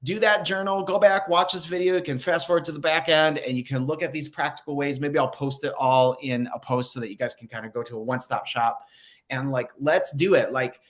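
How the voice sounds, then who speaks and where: A man's voice: a little high, fairly even intonation, a little fast. A man hosting a spiritual direction livestream in casual chat, reading viewer comments aloud with many fillers and upbeat encouragement.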